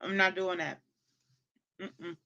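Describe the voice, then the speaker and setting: A woman's voice: fairly low pitch, steady tone, takes it slowly, vocal fry, pushed and bright, lo-fi sound. A woman hosting a casual livestream, talking straight to her chat and scolding viewers in exasperated bursts, with features in her speech. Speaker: livestream host.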